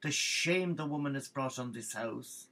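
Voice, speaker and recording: A man voicing a blustering, hot-tempered Irish parish priest who talks loudly and indignantly, with a gravelly edge. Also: mid-range voice, a little slow. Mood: outraged.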